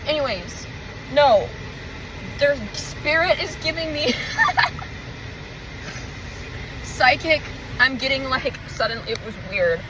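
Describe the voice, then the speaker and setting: A woman's voice: high-pitched, animated, measured pace, noisy background. A woman talking in a casual confessional vlog, emotional and rambling, swearing freely as she searches for words. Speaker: vlogger.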